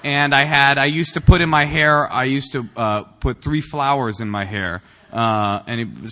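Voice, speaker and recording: A man's voice: medium pitch, a bit bright, long reverb tail. A man from Northern California giving a humorous personal talk at a recovery meeting, rambling and self-mocking with many fillers and restarts. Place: meeting room.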